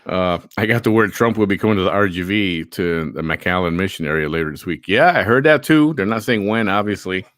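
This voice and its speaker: Easygoing male host with a lowish voice. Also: expressive, a little fast, hardly any pauses, a bit bright, no room sound, studio quality. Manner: reads chat comments aloud, easygoing. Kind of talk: casual live show chat.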